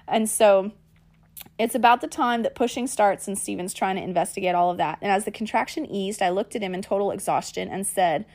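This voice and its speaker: A woman podcast host, telling a personal story in a lively way and calling her listeners y'all and guys. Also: medium pitch, fairly quick. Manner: animated, acts out quoted lines.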